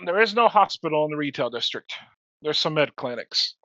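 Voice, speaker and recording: A man narrating a tabletop game as game master, relaxed and hesitant with many fillers, heard over a dull online call. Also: fairly high pitch, brisk, no echo.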